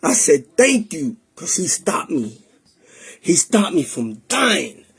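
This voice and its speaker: A man's voice: a little high, sing-song, takes it slowly, creaky, breathy edge. A man telling his personal testimony in an emotional, streetwise way, slipping Spanish into his English. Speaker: testimony speaker.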